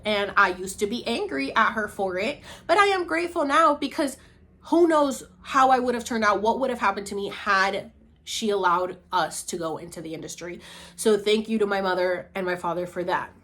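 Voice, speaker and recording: Animated chatty woman vlogger, bright voice. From Puerto Rico. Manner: chatty, animated, swings from low murmurs to high excited bursts. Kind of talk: casual talking-head vlog.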